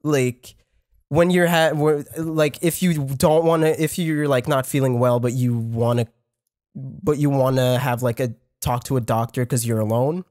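A man's voice: medium pitch, fairly even intonation, a little slow, darkish tone, no echo, studio quality. Rambling young man telling a story. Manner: rambling, full of fillers and restarts, swears freely. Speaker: podcast co-host. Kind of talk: casual storytelling chat.

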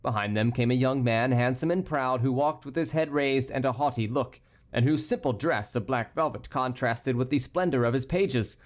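A man narrating a historical novel as an audiobook, reading every character himself and lifting his pitch for the courtiers. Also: normal speed. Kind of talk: scripted narration.

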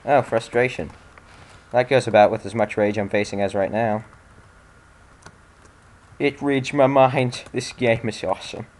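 A man's voice: mid-range voice, a little slow, long pauses, a little mellow. A young man giving casual commentary on a game he is playing, sarcastic and swearing, with sudden frustrated outbursts. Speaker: let's play gamer.

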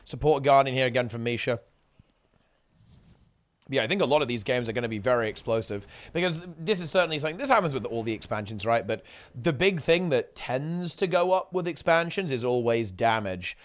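Speaking at medium pitch, a little fast and with an expressive delivery, a man casually commentates a live online gaming tournament, rambling and frequently fixing his sentences midway.

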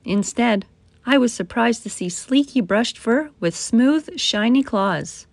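A woman reading a children's picture book aloud as the storytime host, slow and deliberate. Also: a little high, expressive, creaky, no room sound. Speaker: storytime reader.

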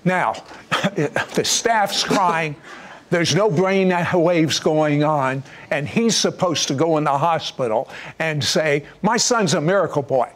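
An older man hosting a TV interview, slowing down to stress key facts. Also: a little high, a bit bright. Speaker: TV show host. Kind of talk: interviewing a guest.

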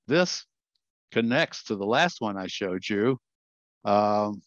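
A man's voice: fairly low pitch, animated, takes it slowly, a bit bright, dry recording. An older man giving a slide presentation as a guest speaker, earnest and often correcting himself as he tells a story, heard over a video call. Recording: dull, dry lo-fi sound.

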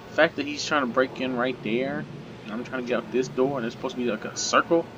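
A man narrating a horror game as he plays, nervous and joking, talking to the monster to calm it. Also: medium pitch, fast. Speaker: gaming video creator. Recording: dull lo-fi with loud background noise.

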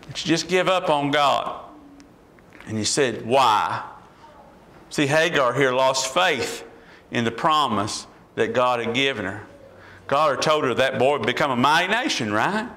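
A man's voice: a little high, animated, unhurried, long pauses, sharp tone, poor audio. A man preaching a sermon as a pastor, asking the congregation repeated questions and building in intensity.

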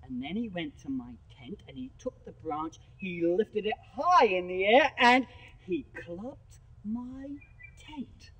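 A male professional storyteller telling a tale live, dramatic with loud bursts and hushed drops. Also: sits high, animated, slow, slightly rough, poor audio.

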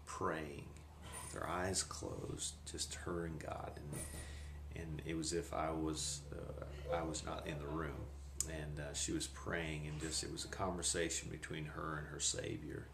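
Very deep gravelly man, reflective. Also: little pitch movement, noisy background. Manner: reflective, halting with pauses. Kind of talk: personal testimony. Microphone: handheld camcorder. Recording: echoey room on a camcorder.

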